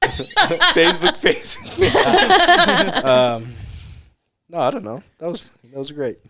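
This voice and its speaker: A woman co-hosting a podcast, giggling and tossing in quick quips during casual chat. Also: on the low side, huge pitch swings, a crowd in the background. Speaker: podcast co-host.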